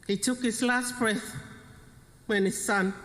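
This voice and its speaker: A middle-aged woman with a Samoan accent giving a funeral eulogy as the widow, speaking in short, halting, heartfelt phrases and slipping into Samoan. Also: fairly high pitch, steady tone, a bit bright. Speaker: widow of the deceased. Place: funeral service venue. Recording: long reverb of a funeral hall.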